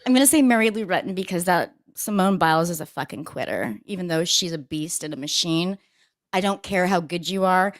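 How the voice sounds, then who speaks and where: A woman co-hosting a casual talk show, telling stories in a brash, profane, animated way. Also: lowish voice, brisk. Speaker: co-host.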